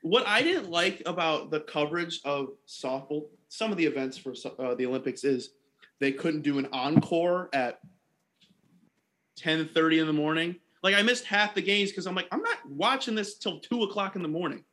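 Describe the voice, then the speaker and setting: A man's voice: a little high, moderate pace, bright, forceful tone. A man hosting a podcast, asking playful questions in a sarcastic, joking way. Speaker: podcast host. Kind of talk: casual podcast chat.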